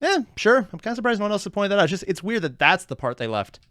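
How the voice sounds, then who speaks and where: A male reaction host gives casual, joking commentary. His voice sits a little high and swings in pitch a great deal. The sound is dry and close. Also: rapid-fire, no echo. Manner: animated and wry, often laughing.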